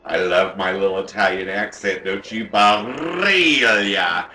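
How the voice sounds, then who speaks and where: A man's voice: low voice, little pitch movement, normal speed, a bit bright, reverberant, soft background music. A man playing a sassy, campy woman home cook who hosts a comic cooking show from a home kitchen and teases the audience as she goes. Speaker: cooking show host character.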